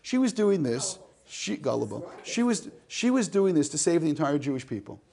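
A man's voice: a little high, big pitch swings, normal speed, vocal fry, dark tone. A man teaching a class, reading a text aloud, translating it line by line and joking with the students. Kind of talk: classroom lecture.

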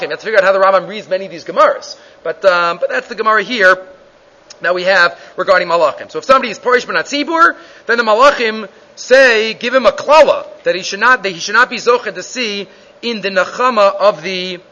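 A man's voice: high-pitched, pushed and bright. A man teaching a Gemara class, reading the Hebrew and Aramaic text in a sing-song chant and explaining it in English, with many restarts. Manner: reads Hebrew and Aramaic text aloud, then translates into English. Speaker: Talmud teacher. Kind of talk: Gemara shiur. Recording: dull lo-fi recording.

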